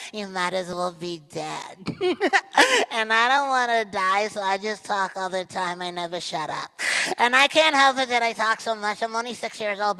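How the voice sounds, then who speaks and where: A man's voice: high voice, sharp tone, clear, resonant tone, pitched above the performer's own voice, poor audio. A man voicing a chatty, boastful six-year-old boy in a live character monologue on an auditorium stage. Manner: nonstop chatter, boastful, giggly.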